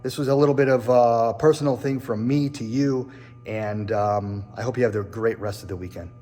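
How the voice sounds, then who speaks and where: A man's voice: mid-range voice, fairly even intonation, moderate pace, dark tone, in a large hall, faint music behind. A man hosting his own show, talking earnestly and reflectively to camera, often repeating and restarting phrases, in a machine shop. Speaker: real estate agent and show host. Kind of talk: casual personal talk to camera.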